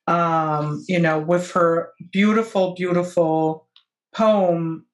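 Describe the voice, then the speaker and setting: A woman with a non-native English accent, chatting casually on a video call as an artist and co-host, hesitant and full of fillers and pauses. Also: on the low side.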